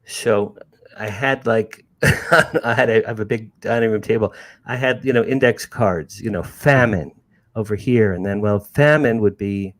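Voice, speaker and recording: Older author guest, fairly low voice, lively storyteller who repeats and restarts. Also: male voice, a little slow. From New Jersey. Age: 60s. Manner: animated, restarts and repeats words. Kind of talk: casual storytelling.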